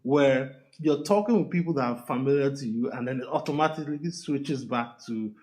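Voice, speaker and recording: A man hosting an interview podcast, asking questions in a lively way. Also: mid-range voice, normal speed. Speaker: podcast host. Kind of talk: casual interview talk.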